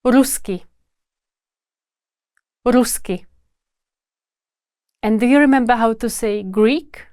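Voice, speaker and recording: A woman language teacher who speaks slowly and carefully, saying each word twice in a lesson drill. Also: fairly high pitch, darkish tone, clean tone, no echo, clean studio sound.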